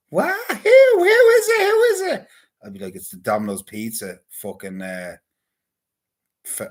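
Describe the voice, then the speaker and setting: A man with a husky, slightly rough voice rambles through a casual monologue to his viewers. His talk is crude and loose, full of swearing and offhand banter. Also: on the low side. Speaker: vlogger.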